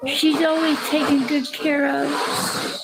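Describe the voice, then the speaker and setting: A woman's voice: sits high, little pitch movement, slow pace, over loud music, low-quality recording. An older woman, a grandmother, talking to viewers on a livestream, crying, pleading and defensive. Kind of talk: tearful livestream talk to viewers.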